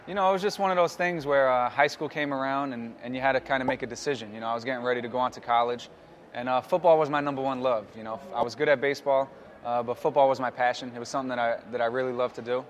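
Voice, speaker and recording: A young man with a New York accent talks fast and loose, stringing answers together with fillers. He sounds easygoing and unhurried in manner. There is faint outdoor ambience behind him. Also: medium pitch, slight background noise. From New York City. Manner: relaxed, rambling with fillers. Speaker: football player. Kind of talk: casual interview answers.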